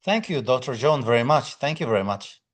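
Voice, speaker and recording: A man's voice: medium pitch, big pitch swings, fairly quick. A man teaching exam prep on a live stream, chatting casually, greeting viewers by name and reading out their comments in loosely phrased English. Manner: non-native English phrasing with fillers.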